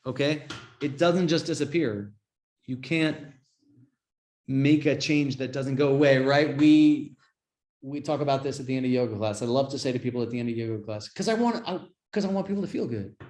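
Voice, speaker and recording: A man's voice: medium pitch, moderate pace, darkish tone. A man teaching a yoga and Buddhism class in a casual, chatty way, often checking in with "right?". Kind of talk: informal class talk.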